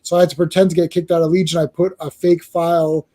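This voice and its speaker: Guy doing a cocky young superhero boy, kinda high, mellow voice, defiant and swaggering. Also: flat delivery, quick pace, lightly acted. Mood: explaining. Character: brash rebellious young male superhero.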